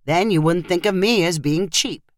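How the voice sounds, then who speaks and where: Casting: woman playing a laid-back old grandpa, calm and gently persuasive, dry close sound. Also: lowish voice, moderate pace, no room sound, close to an everyday voice. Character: easygoing generous grandfather, chuckling.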